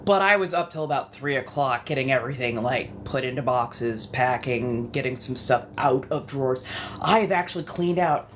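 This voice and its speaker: A woman's voice: a bass voice, moderate pace, slight background noise. A young woman with a West Coast accent chatting casually with live-stream viewers, rambling and swearing freely.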